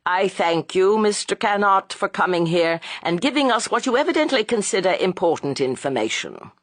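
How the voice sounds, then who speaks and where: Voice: mid-range voice, expressive, moderate pace, fairly bright tone, no room sound, voice pushed up, lightly acted. An audiobook reader voicing a courteous, formal coroner in a courtroom. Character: courtroom coroner, stern then kind.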